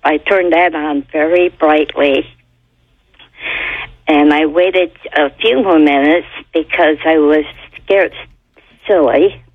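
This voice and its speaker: A woman calling into a radio show, telling her own spooky story in a slow, halting way. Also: low-pitched, fairly even intonation, no echo. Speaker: caller. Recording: tinny phone line.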